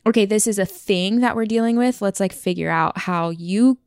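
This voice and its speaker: A woman's voice: medium pitch, moderate pace, a little mellow, clean tone, no room sound, studio quality. A woman in a casual couples chat, talking freely with lots of "like.". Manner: chatty, frequent "like" fillers.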